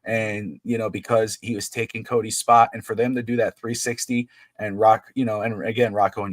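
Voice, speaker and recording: A man's voice: mid-range voice, steady tone, brisk, hardly any pauses, no room sound. A middle-aged man co-hosting a wrestling podcast in casual chat, rambling and restarting his sentences. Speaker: podcast co-host.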